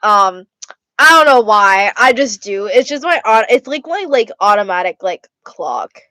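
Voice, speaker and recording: A young woman runs through fan questions in a loose vlog chat, blunt and quick to laugh, with plenty of swearing. Her voice sits at a middling pitch. It is recorded close and dry, with no room sound. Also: animated, pushed and bright, no room sound. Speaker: vlogger answering fan questions. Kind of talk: casual Q&A vlog.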